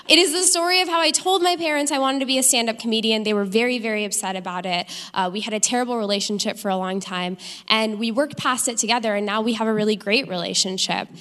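A woman's voice: on the high side, quick pace. Young woman doing punchy stand-up on stage. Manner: animated, punchy comic delivery. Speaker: stand-up comedian. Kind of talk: live stand-up set. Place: comedy stage before a live audience. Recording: live stage recording with long hall reverb.

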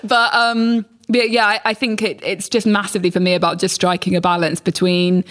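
Young woman guest, candid and lively, swears, mid-range voice. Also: mid-range voice, a little fast. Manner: frank and animated, swears, acts out messages in voices. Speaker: podcast guest. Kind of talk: casual podcast chat.

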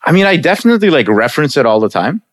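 A man's voice: a little high, racing, no room sound, studio quality. A man from Russia in casual conversation, talking with lots of fillers and frequent laughs. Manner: animated, laughs often, many fillers. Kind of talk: casual chat.

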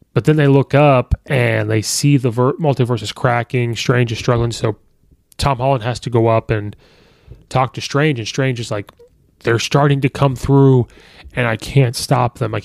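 Gravelly-voiced man in casual review chat. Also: medium pitch, fairly even intonation, no room sound, studio quality. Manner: conversational, retells scenes with quick quoted lines. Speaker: podcast host reviewing a film.

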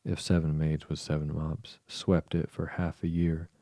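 A man reading the part of a sly, greedy walrus who coaxes oysters along, in a calm storybook voice. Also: extremely low pitch, unhurried, no room sound, studio quality. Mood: coaxing. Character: sly greedy male walrus, falsely tearful.

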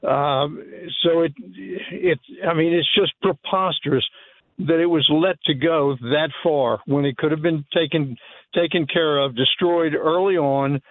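A man's voice: a little high, no echo. Scornful man on a tinny phone line. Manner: halting with many fillers, scornful. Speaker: caller or guest on the phone. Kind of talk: opinionated talk radio commentary.

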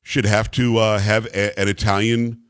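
A man's voice: on the low side, level tone, moderate pace, smooth, no room sound. A man hosting a talk radio show, emphatic and repetitive, with a bantering streak.

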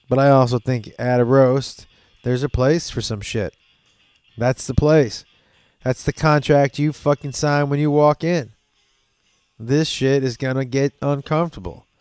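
A man hosting a podcast, telling stories in a loose, profane, animated way with laughs along the way. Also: mid-range voice, smooth, dry recording. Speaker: podcast host. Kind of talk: casual storytelling chat.

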